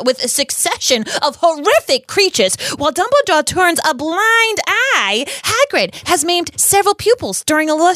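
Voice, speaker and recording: A woman's voice: high-pitched, a bit bright, no echo, pitched above the performer's own voice. A woman voicing a gossipy, brash female tabloid reporter with a put-on New York accent, reading an article aloud in character and giggling through the lines.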